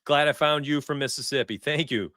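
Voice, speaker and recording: Brief: forties male stream host, chatty and excitable, dry close sound. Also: a little high, brisk, no room sound. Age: 40s. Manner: excitable, chatty, laughs often. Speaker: sports betting livestream host. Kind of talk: casual livestream chat.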